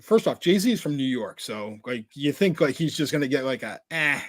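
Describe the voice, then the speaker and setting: This man's mid-range voice is sing-song and fairly quick, with no echo. He co-hosts a podcast, spinning rambling stories in a casual conversation full of "like" and restarts.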